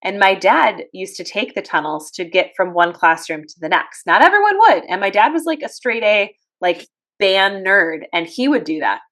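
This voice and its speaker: A woman's voice: mid-range voice, big pitch swings, moderate pace, a bit bright. A woman co-hosting a movie review podcast, chatting frankly and casually. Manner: chatty, frank, laughs easily. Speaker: podcast co-host.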